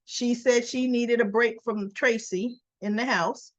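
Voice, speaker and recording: A woman's voice: a little high, unhurried, no echo, muffled recording. Chatty woman retelling soap scenes. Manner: animated retelling, acting out quotes. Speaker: soap opera recap host. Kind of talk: casual recap, retelling scenes.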